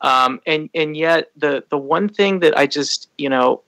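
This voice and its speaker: A man's voice: a little high, a little slow, gravelly, bright, forceful tone, no echo, poor audio. A man on a fan podcast, talking casually and rambling with many restarts. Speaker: podcast co-host.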